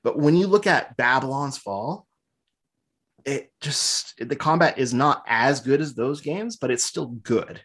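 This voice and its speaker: A man's voice: mid-range voice, animated, measured pace, fairly bright tone, husky. A man co-hosting a podcast in casual chat, rambling through opinionated game critique. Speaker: podcast co-host.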